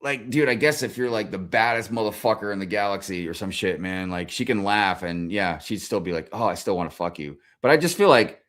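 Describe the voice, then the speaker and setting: A man ranting as a streamer, swearing constantly, animated and exasperated. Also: on the low side, a little fast, hardly any pauses. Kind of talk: profane comedic rant.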